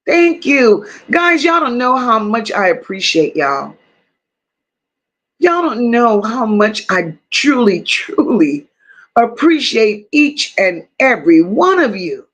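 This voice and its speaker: Woman w/ high voice doing livestream shoutouts, aave, calls everyone baby n boo, swears casually. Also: sing-song, slow pace. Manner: warm, affectionate, calls viewers baby and boo; casual, swears freely, reads chat aloud. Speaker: livestream host. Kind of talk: live chat greetings.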